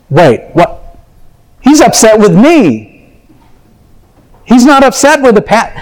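A man's voice: high voice, darkish tone, poor audio. A man preaching a sermon, telling a personal story in an earnest, confessional way and acting out his own thoughts.

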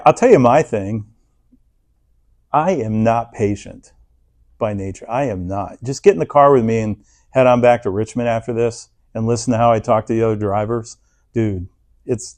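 A man preaching a sermon in a conversational, animated way, leading the congregation in reading aloud and acting out people's inner thoughts. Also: medium pitch.

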